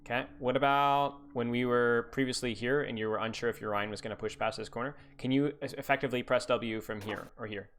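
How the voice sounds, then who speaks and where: A man's voice: mid-range voice, fairly even intonation, fairly quick, few pauses, fairly bright tone, a little hiss or hum. Male coach, live-stream review. Rambling, teasing, restarts often. Mid-range voice.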